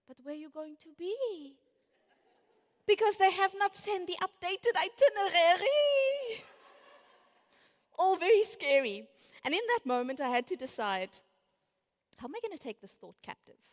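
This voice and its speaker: Keynote woman, late 30s, lively storyteller, a bit high, long hall echo. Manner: animated storyteller acting out inner voices. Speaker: conference speaker. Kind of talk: motivational keynote talk. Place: large conference hall. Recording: reverberant large hall.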